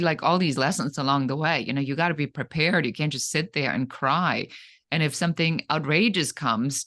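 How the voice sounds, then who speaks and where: A middle-aged woman, a guest entrepreneur from Germany, telling her story in an interview with dramatic, animated delivery. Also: low-pitched.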